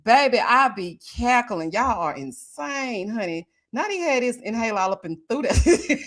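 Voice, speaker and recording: A woman hosting a casual live stream, chatting with viewers and reading their comments, often breaking into laughter and drawn-out murmurs of agreement. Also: a little high, sing-song, a bit bright. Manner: chatty, talks straight to viewers.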